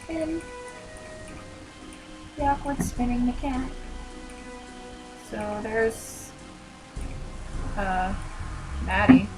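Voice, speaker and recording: A woman's voice: fairly high pitch, lively intonation, extremely slow, long pauses, over music, low-quality recording. A young woman casually commenting as she livestreams a video game, chatty and giggly, rambling with lots of "like". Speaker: streamer playing a video game.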